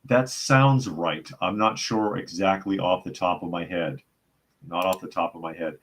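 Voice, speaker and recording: Male host, very low voice, blunt and scornful, casual commentary. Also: a little slow, a little hiss or hum. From US South. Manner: blunt, scornful, repeats phrases for emphasis. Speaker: host of a news commentary stream. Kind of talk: casual opinion commentary, reading news and chat comments.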